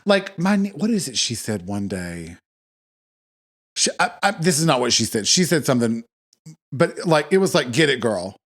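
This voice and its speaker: A man's voice: mid-range voice, big pitch swings, normal speed, long pauses. A man co-hosting a casual podcast, telling playful stories about his nieces and laughing along. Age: adult uncle of young nieces. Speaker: podcast co-host. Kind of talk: casual chat.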